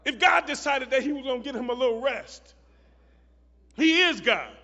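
High-voiced preacher in a muffled echoing hall. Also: male voice, animated, normal speed. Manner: builds to shouted, chanted hymn lines; repeats phrases for emphasis. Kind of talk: sermon. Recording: muffled recording in a reverberant hall.

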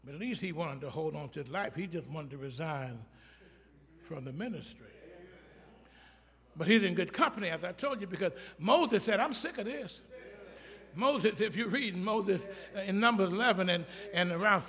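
A man preaching a sermon, swinging between loud emphatic delivery and quiet pleading, acting out scripture in everyday speech. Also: sits high, animated, moderate pace, in a large hall. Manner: acts out scripture quotes in colloquial speech.

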